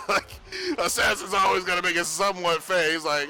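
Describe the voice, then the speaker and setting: A man talks casually to his stream audience, his voice bright and forceful and a touch higher than most men's. He tells a profane, animated story and laughs often. Faint music plays behind him. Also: fairly quick. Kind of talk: casual livestream chat. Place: home streaming setup.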